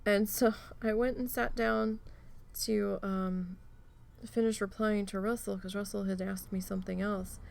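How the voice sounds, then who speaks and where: A woman telling a rambling, animated story while crafting, swearing freely and using many fillers. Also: mid-range voice, measured pace, gravelly. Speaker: crafting channel host.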